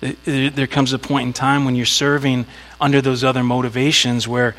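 A man's voice: mid-range voice, level tone, normal speed, a bit bright, rough recording. A man preaching a sermon in a conversational way, telling a story with little acted asides. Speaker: pastor.

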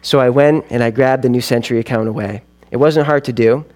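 A man's voice: medium pitch, fairly quick, a little mellow. Man, narrator, first-person dramatic storytelling, earnest, confessional.

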